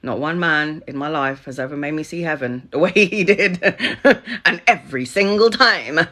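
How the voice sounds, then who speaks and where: Chatty, bright-voiced middle-aged woman. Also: low-pitched, moderate pace. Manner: candid, chatty, laughs often, swears freely. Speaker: spiritual content creator. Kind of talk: casual storytelling to viewers.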